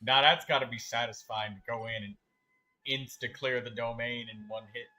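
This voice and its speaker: A man's voice: medium pitch, fairly even intonation, moderate pace, pushed and bright. A young man streaming a game live, chatting in an easygoing way with friends and often restarting his sentences. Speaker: gaming streamer. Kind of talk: casual chat while playing live.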